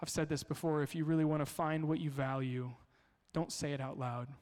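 A man preaching a sermon as a pastor, telling stories in an animated way in a church. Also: a little high, fairly quick, in a large hall. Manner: storytelling, animated.

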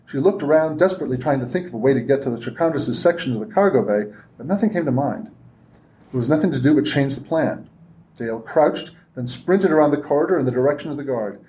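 A man, an author, reading his own fiction aloud with steady, measured narration at a convention reading. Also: medium pitch.

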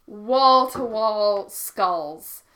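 Woman, casual chat, co-host, bright clear tone, laughs often. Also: medium pitch, lively intonation, extremely slow. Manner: laughs often while telling stories.

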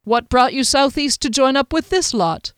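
A woman's voice: high voice, lively intonation, normal speed, clear, resonant tone, dry recording, studio quality, voice pushed up. A woman voicing a short-tempered male duke in an audiobook, curt and impatient. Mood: curious.

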